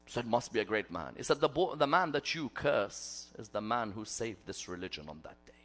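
A man giving a religious sermon in a gathering hall, telling stories dramatically and swinging between loud declarations and hushed asides. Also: mid-range voice, very animated, a little fast. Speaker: preacher.

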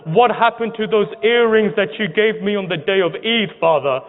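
A man's voice: high voice, normal speed, pitched above the performer's own voice, natural voice. A man voicing a grieving little girl who pleads with her dead father in a tearful way. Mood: pleading. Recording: tinny phone-like sound in a reverberant hall.

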